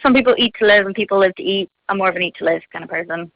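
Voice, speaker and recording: A woman's voice: mid-range voice, rapid-fire, dry recording. Chatty teenage girl on a phone line. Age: teens. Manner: bubbly, chatty, lots of fillers and giggles. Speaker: singer being interviewed. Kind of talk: casual chat. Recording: phone line, dull and dry.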